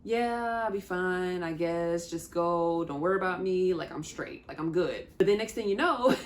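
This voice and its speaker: Low-voiced young woman telling her story. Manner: candid, conversational, laughs between sentences. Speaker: vlogger. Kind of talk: personal storytelling.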